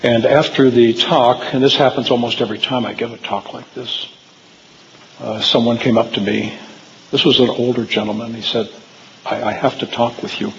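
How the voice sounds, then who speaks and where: A man's voice: medium pitch, steady tone, normal speed, vocal fry, in a large hall, highs cut off, a little hiss or hum. A man giving a talk to a live audience, telling personal stories in a rambling way with frequent fillers and restarts. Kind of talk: storytelling lecture to a live audience. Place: hall with audience.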